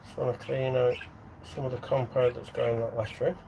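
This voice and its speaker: A man's voice: medium pitch, flat delivery, a little fast, vocal fry, warm tone. Dry-joking man over background noise. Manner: dry, joking, mutters while working. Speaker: co-host demonstrating a craft. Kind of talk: casual live chat while working. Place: narrowboat workshop. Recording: noisy background.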